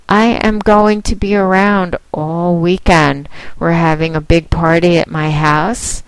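Woman, lower voice, unhurried, dominant and teasing, casual monologue, recorded dry and close. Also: steady tone, smooth, no echo, rough recording. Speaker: phone domination mistress promoting her line.

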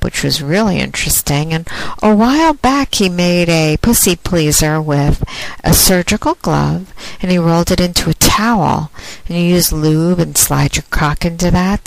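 Female podcast host, casual monologue, lowish pitch, unhurried and drawn out. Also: creaky, no room sound, low-quality recording.

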